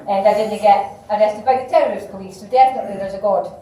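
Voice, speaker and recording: A woman's voice: mid-range voice, quick pace, hardly any pauses, mellow, heavy reverb, distant mic, slight background noise, rough recording. A woman from Aberdeen with a Scottish Aberdonian accent, doing impromptu stand-up comedy and swearing freely. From Aberdeen, Scotland. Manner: swearing, laughs at her own jokes. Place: comedy club room.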